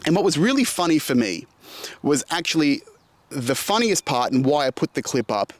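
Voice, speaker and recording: A man's voice: on the high side, sing-song, normal speed, no echo. A man in his thirties casually telling a personal story, swearing now and then and acting out dialogue. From Australia.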